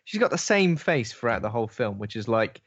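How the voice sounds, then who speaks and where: A man in a casual film commentary chat, joking with quick asides. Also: mid-range voice, sing-song, fairly bright tone. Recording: dull lo-fi sound.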